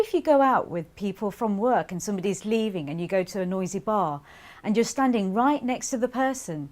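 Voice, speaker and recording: Middle-aged mum with mild hearing loss, wry and stubborn, lively and mellow voiced by an actress. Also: female voice, medium pitch, natural voice. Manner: frank, wry, a bit stubborn. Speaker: actor voicing a mother's testimony. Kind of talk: scripted testimony monologue.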